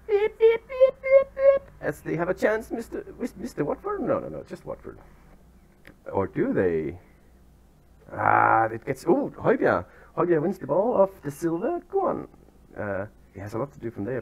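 A chatty young man commentates his football management game, his pitch swinging widely as he reacts. He talks casually and pokes fun at himself, breaking into sudden excited yelps. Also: creaky, breathy edge. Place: outdoors near turkeys.

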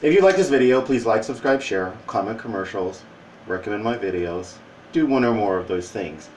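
A man's voice: fairly low pitch, animated, normal speed, a little mellow, reverberant, far from the mic, a little hiss or hum, poor audio. A man talking casually in a joking opinion vlog, with playful asides and put-on voices. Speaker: vlogger.

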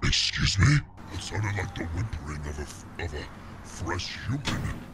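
A man's voice: deep voice, expressive, measured pace, a bit bright, slight background noise. A man voicing a hungry male monster that taunts its prey in mock-polite, sing-song threats. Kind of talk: in-character voice chat while gaming.

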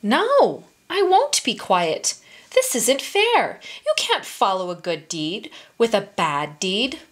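A woman reading a storybook aloud and voicing a kind male merchant, high-pitched and protesting in alarm. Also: sing-song, takes it slowly, full character voice. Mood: indignant. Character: kind, indignant male merchant who insists on fairness.

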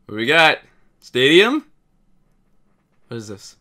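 A young man doing a live reaction, excitable and breaking into shouts. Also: on the high side, takes it slowly, pauses often. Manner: excitable, shouts and laughs in bursts. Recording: faint music in the background.

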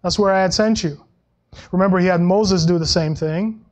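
High-voiced pastor preaching conversationally. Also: male voice, moderate pace. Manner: conversational preaching with frequent restarts and soft laughs; acts out Bible quotes in a lower voice. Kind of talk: sermon.

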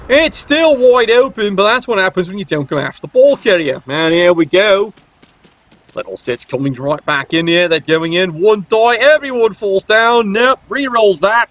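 A man's voice: high voice, fairly bright tone, muffled recording. A man giving casual, sarcastic play-by-play commentary on a video game match. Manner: cheeky, sarcastic banter.

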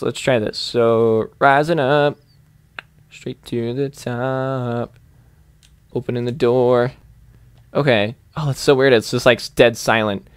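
A man's voice: mid-range voice, clean tone, no echo. A young man playing a video game, rambling and giggling as he thinks aloud in casual commentary. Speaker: gaming YouTuber. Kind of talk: let's play commentary.

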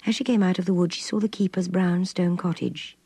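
Husky, expressive woman narrating. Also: on the low side, a little fast, dry recording. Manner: expressive, soft and intimate. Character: troubled young aristocratic woman, Connie. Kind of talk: audiobook reading.

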